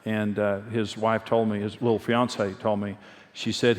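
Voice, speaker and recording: A man's voice: on the low side, little pitch movement, unhurried. A middle-aged man preaching a sermon, telling personal stories candidly and earnestly, often repeating a phrase for emphasis. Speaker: pastor and marriage teacher. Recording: long hall reverb.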